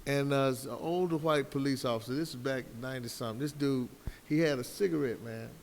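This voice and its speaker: A man's voice: medium pitch, fast talker. A man on a discussion panel, telling stories and making his point in an emphatic, preacherly way. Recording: hall reverb with faint background noise.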